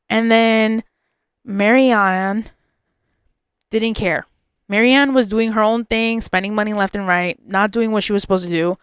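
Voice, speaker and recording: A woman's voice: mid-range voice, measured pace, pauses often, clear, resonant tone, no room sound, studio quality. A woman hosting a podcast, telling a personal story in an emotional, confiding way and often repeating herself. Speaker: podcast host.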